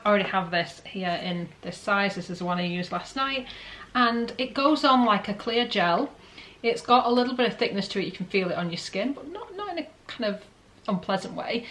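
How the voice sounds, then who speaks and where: A woman's voice: medium pitch, fairly bright tone. Woman, casual unboxing chat, candid product verdicts. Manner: chatty, candid, rambling asides. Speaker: beauty vlogger.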